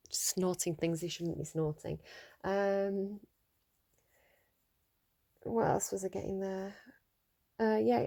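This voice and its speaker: A woman's voice: medium pitch, gravelly, warm tone. A woman giving a casual tarot reading at home, rambling, laughing often and tripping over her words. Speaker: tarot reader.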